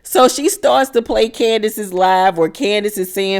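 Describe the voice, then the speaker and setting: A woman's voice: mid-range voice, measured pace, few pauses. Sassy, profane woman recapping TV gossip. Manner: sassy, blunt and profane, with dramatic asides; laughs often while retelling scenes. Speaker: reality TV recap host. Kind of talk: casual gossip recap of a TV episode.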